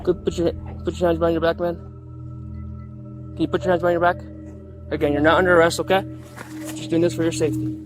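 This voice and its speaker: A man, a police officer on duty, talking calmly and reassuringly, repeating his instructions. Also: fairly high pitch, quick pace, long pauses, over music. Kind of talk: on-duty talk on body cam footage.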